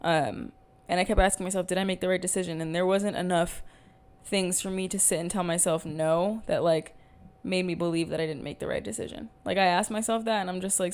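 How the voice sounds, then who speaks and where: Her voice runs on the low side, gravelly and darkish, at a slightly fast pace. She's a young woman at home hosting her own podcast on camera, rambling openly with plenty of fillers and casual cursing.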